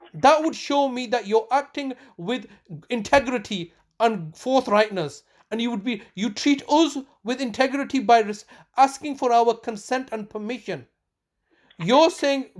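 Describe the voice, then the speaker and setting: High-voiced agitated woman. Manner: accusatory, insistent, repeats herself with restarts. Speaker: family member confronting a council official. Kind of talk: heated recorded phone call.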